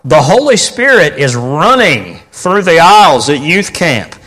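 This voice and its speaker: A male preacher with a drawl delivers a storytelling sermon, his voice sitting a bit high for a man and swinging widely in pitch. He keeps repeating phrases for emphasis and bursts into louder moments. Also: very animated, measured pace. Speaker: pastor.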